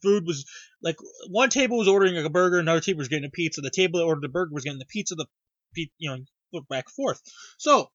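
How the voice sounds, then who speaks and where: A young man tells a rambling story with a high, bright voice, acting out quoted lines and swearing freely. The sound is dry and a little dull. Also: animated, fast, no room sound. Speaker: podcast co-host recapping a reality cooking show. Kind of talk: casual chat.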